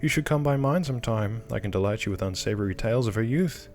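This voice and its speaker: A man voicing a gracious, enigmatic middle-aged woman in a slow, motherly old-lady voice while reading game dialogue aloud. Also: lowish voice, expressive, a little mellow, faint music behind. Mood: genteel.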